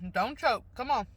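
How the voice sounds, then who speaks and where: A woman's voice: on the high side, noisy background. A woman vlogger rambling casually while she eats in her car, talking with her mouth full, blunt and a little self-conscious. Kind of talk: casual rambling mukbang chat. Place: parked car.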